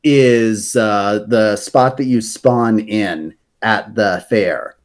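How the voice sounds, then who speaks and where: A man's voice: on the low side, extremely slow. A man on a podcast explaining video game lore in a casual, rambling way, with many fillers and restarts.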